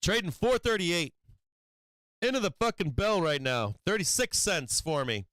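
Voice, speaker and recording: A man's voice: high-pitched, sing-song, normal speed, fairly bright tone, no echo. Profane, rambling stream host man. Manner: profane, rambling, laughs often. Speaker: stock trading livestream host. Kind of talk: casual livestream chat.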